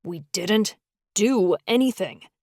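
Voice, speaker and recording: A woman voicing an angry, hot-tempered young man who growls and rants loudly in a storybook reading. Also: lowish voice, animated, normal speed, no echo, clean studio sound, natural voice. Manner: loud, raging rants.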